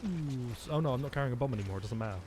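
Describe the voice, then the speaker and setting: A man's voice: mid-range voice, expressive, very fast, background noise. A man streaming a video game, rambling and joking with his chat as he plays. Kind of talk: let's-play commentary.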